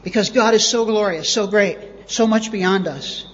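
A man's voice: high voice, normal speed, a bit bright. A man preaching a sermon as pastor, emphatic and repeating words for stress. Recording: dull lo-fi audio with long reverb.

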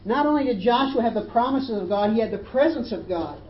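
A woman's voice: on the high side, expressive, a little fast. Woman preacher, emphatic sermon delivery, roomy dull recording. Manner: emphatic preaching, rising for scripture quotes. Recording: roomy, dull, faint hiss.

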